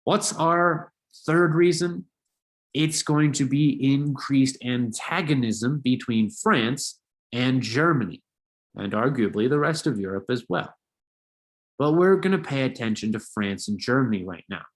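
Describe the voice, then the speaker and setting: Animated male history teacher. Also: medium pitch, unhurried. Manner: animated, conversational, jokey asides. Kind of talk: casual lecture video.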